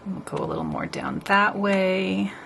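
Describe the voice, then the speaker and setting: A woman's voice: medium pitch, wildly swooping pitch, measured pace, vocal fry, a bit bright, a little hiss or hum. A woman nail artist chatting casually with her live stream viewers as she paints, rambling and talking to the chat.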